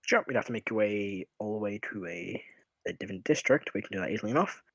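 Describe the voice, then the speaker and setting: An easygoing man narrates as game master of a tabletop game. His pitch moves up and down freely, and he hums while working things out. The sound is close and dry. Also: fast talker, slightly rough, dry recording. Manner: relaxed and rambling, hums while he thinks.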